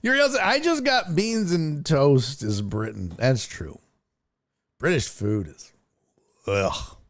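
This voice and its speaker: A man's voice: a little high, expressive, slow pace. A man hosting a casual livestream, reading viewer comments in a loose, profane way and laughing often. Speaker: sports talk show host.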